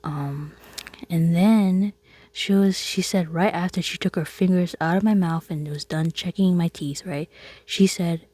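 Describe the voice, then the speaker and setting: A low, husky woman's voice telling a casual storytime, chatty and quick to laugh. She often slips into a soft whisper. The sound is close and dry, with no room around it. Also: fairly even intonation, no room sound. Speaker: vlogger.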